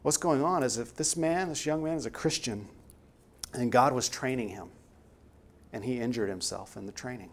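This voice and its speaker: A man's voice: medium pitch, normal speed. Earnest male preacher delivering a sermon. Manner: earnest, emphatic, rising to stress key words.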